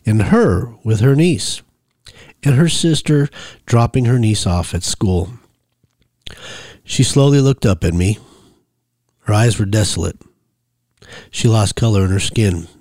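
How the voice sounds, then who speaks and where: A man reading his own story in the first person, measured and commanding when he voices himself. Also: lowish voice, darkish tone, no echo, clean studio sound. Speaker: memoir narrator.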